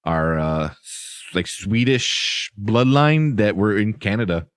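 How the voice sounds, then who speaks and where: A man's voice: fairly low pitch, animated, takes it slowly, no echo. A man hosting a casual movie review podcast, talking in a rambling, enthusiastic way with many fillers. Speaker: podcast host.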